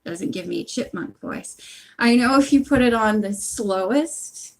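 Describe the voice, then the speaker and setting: A woman's voice: fairly high pitch, animated, measured pace, creaky. A woman casually chatting on a phone livestream at home while she knits, rambling with lots of asides. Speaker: audiobook channel host.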